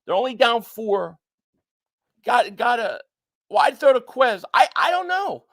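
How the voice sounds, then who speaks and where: Streaming live as he watches a football game, this man calls the action and reads his viewers' chats aloud. He speaks a little slowly in a very high voice, excitable enough to repeat himself when worked up, swinging between shouting at calls and deflated frustration.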